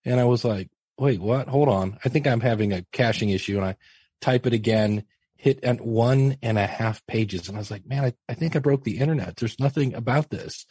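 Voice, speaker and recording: A husky middle-aged man recounts his early days on a podcast, chatty and self-mocking. He slips into animated voices for the people he quotes. The sound is dry and close. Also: medium pitch, a little fast, dry recording. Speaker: podcast guest and teacher. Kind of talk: casual storytelling interview.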